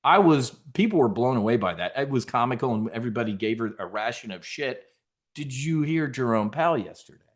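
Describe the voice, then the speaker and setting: A man's voice: mid-range voice, lively intonation, a little fast. A middle-aged man hosting a trading show, giving brash, profane market commentary and mocking the people he quotes.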